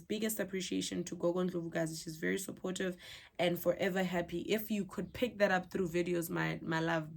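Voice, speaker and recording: South african lady going through her comments, chatty, a bit low voice. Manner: warm, chatty, switches between English and Setswana. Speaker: vlogger reading viewer comments. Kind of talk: casual chat.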